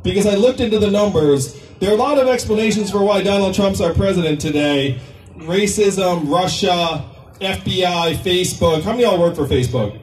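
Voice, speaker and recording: A man's voice: sits high, a little fast, echoey room, noisy background. A man, a presidential candidate, giving a campaign rally speech in a conversational, joking way with the crowd. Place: political rally venue. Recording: distant mic at a rally.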